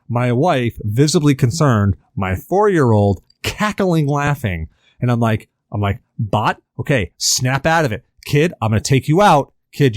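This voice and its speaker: A man's voice: medium pitch, dry recording, studio quality. A man on a podcast telling a long story in a casual, rambling way, full of fillers and acted-out quotes. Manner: animated, rambling with many fillers. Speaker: podcast host.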